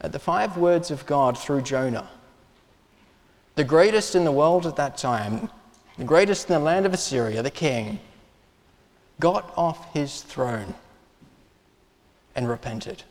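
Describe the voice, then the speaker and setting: A man delivers an earnest, emphatic sermon in a slightly higher register. He stops and restarts now and then as he drives his points home. His voice carries a long reverb from the church around him. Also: animated, slow, pauses often. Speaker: pastor.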